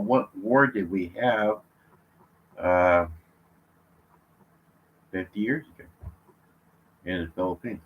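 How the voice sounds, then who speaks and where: Slow, rambling man from California. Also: deep voice, fairly bright tone, husky. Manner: slow, rambling, with many fillers and restarts. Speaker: vlogger. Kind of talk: rambling live-stream chat. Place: his room at home, sitting in his chair. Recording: slightly muffled lo-fi audio.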